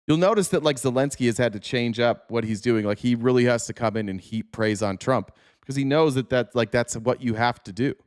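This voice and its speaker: A man's voice: mid-range voice, fairly quick, hardly any pauses, clear, resonant tone. A man hosting a political podcast, ranting sarcastically and swearing, reading out chat comments between points. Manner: animated, profane, sarcastic ranting. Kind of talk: casual political talk.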